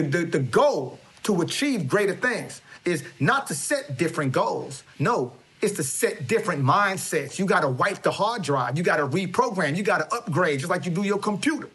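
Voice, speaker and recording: A man's voice: high voice, animated, moderate pace, fairly bright tone, slightly rough. A man giving a swaggering, preachy comedic monologue with lots of stammering restarts. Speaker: comedic motivational speaker character.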